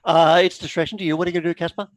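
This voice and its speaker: A man's voice: fairly high pitch, rapid-fire, no room sound. A man narrating as game master of a tabletop horror game, with lots of uh and like. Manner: animated storyteller, with many fillers.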